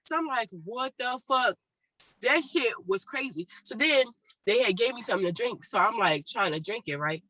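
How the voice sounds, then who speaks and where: Casting note: woman co-host, bright and dry-sounding, animated and profane in casual chat. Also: a little high, brisk, dry recording, low-quality recording. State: sore throat after surgery. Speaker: podcast co-host.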